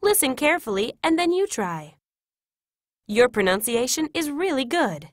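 Woman reading classroom English, lively pitch. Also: moderate pace, dry recording, clean studio sound. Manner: clear, careful, instructive delivery. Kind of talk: scripted reading of example sentences.

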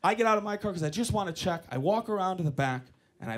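A man's voice: high voice, lively intonation, fast. A male stand-up comedian telling a story animatedly, addressing the crowd, live on a comedy club stage.

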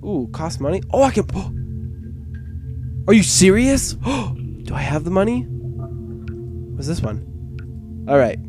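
A young man hosting a let's-play video, joking with viewers in bro slang and yelping loudly at every scare. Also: a little high. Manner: excitable, yelps and shrieks at scares. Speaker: gaming video host.

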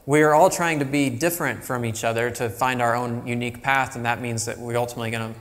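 A man's voice: mid-range voice, steady tone, fast, fairly bright tone. Man lecturing in a reverberant hall. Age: middle-aged. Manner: conversational, thinking aloud with fillers. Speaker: guest lecturer. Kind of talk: public lecture.

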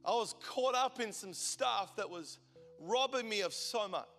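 A man in his forties preaching a sermon, telling stories with passion and swinging from loud intensity to hushed tones. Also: high voice, lively intonation, a little slow. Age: 40s. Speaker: pastor. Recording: long hall reverb, faint music behind.

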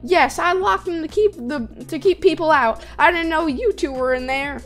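A woman's voice: sits high, big pitch swings, normal speed, faint music behind. A woman voicing a cheerful farm woman who survived an apocalypse, with a put-on country twang and a sing-song way of greeting. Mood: friendly.

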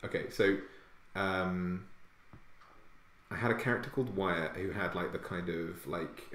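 Posh english guy chatting on an art stream, laughs a lot, deep voice. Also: steady tone, a little slow, fairly bright tone, reverberant. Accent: posh southern English. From Hampshire, England. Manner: chatty, self-mocking, laughs often. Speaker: fantasy artist streaming live. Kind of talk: casual chat while drawing.

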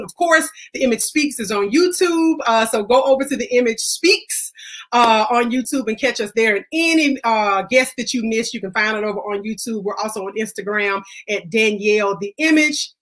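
A woman's voice: on the high side, fairly bright tone. Impassioned woman hosting a faith talk. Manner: impassioned, preachy, blunt. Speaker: host. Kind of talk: casual faith-based monologue.

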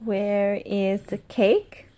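Woman, mother at home with a toddler, very slow sing-song quizzing, mellow and a bit high. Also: steady tone. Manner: slow sing-song questions, praise and animal noises. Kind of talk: quizzing a toddler with flash cards.

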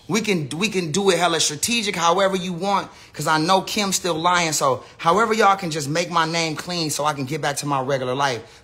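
A man's voice: fairly high pitch, bright, forceful tone. An American man ranting on a casual phone livestream, rambling with lots of slang, profanity and restarts. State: says he is high. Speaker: live streamer. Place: indoor room with a big screen.

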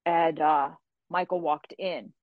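A woman with a lowish voice recounts stories as a guest, animated and casual, slipping into other people's voices as she goes. The sound is dry and close, with no room around her. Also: takes it slowly, no room sound, narrow, tinny audio. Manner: animated storyteller who acts out quoted voices. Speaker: guest author. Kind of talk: casual interview storytelling.

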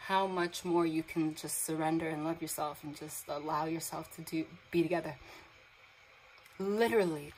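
A young woman with a low-pitched voice gives a tarot reading, emotional and awed as she reads the card texts aloud. Water sounds from a sound machine run in the background, and the low-quality recording has a little hiss or hum.

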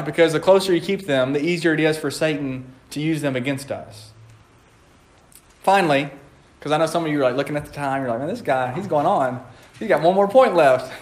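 A man preaching a conversational sermon in a church, playful and laughing often as he acts out quotes. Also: fairly high pitch.

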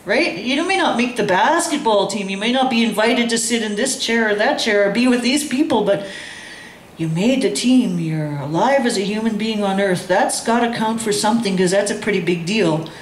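A woman's voice: mid-range voice, fairly quick, hardly any pauses. A woman telling a personal story at a community session, acting out the voices of the people in it and laughing often. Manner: animated, acts out quoted voices, laughs often. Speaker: guest speaker. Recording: echoey room with faint ambient noise.

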